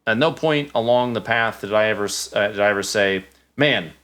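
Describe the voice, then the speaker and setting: A man in his thirties, a podcast guest telling casual stories, animated, with many restarts. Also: on the low side, brisk, clean tone. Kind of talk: casual storytelling.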